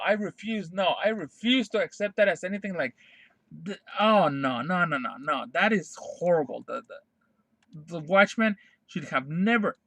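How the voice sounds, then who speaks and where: A young man with a high voice for a guy rants live to his stream chat. He is heated and exasperated, swears freely and keeps circling back to the same flat refusals. The sound is dry and close, with no room echo. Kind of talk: unscripted rant to stream chat.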